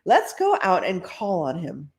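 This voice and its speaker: A woman's voice: lowish voice, wildly swooping pitch, measured pace. A woman voicing a bold, pushy girl in a Halloween costume, eager and airy.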